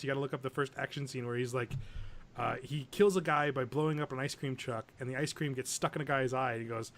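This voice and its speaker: A man's voice: a little high, vocal fry. A man co-hosting a podcast in casual chat, talking eagerly and laughing as he retells scenes. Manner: enthusiastic, laughs while retelling movie scenes. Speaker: podcast co-host.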